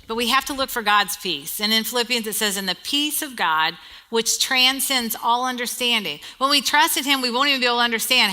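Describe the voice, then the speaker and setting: Bright-voiced woman preaching a sermon. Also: on the high side. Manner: conversational preaching with rhetorical questions and humor.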